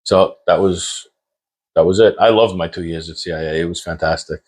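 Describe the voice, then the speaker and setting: A man's voice: deep voice, fairly even intonation, a little fast, darkish tone, husky. A man in his forties, a chef guest speaking easily in a casual interview. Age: 40s.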